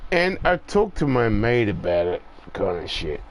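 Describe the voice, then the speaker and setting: A man's voice: fairly low pitch, big pitch swings, measured pace, low-quality recording. A man in his forties talking in a casual, rambling and profane monologue, with lots of "it's like".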